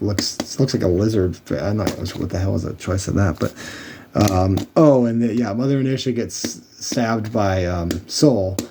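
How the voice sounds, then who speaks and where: A man's voice: lowish voice, dark tone, a little hiss or hum. A man recapping a TV episode in a casual, rambling and sarcastic way, with many fillers. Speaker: show reviewer.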